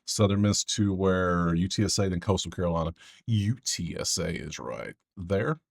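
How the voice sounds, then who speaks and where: Casual betting host, man, low voice, dry close mic, chatty and digressive. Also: animated, normal speed, vocal fry, no echo. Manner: rambling, joking asides to viewers.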